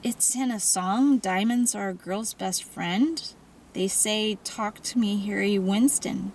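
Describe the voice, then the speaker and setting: A woman's voice: medium pitch, slow pace, a little mellow, far from the mic, a little hiss or hum. A woman voicing an earnest, slightly unsure teenage girl in an audiobook reading. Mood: eager.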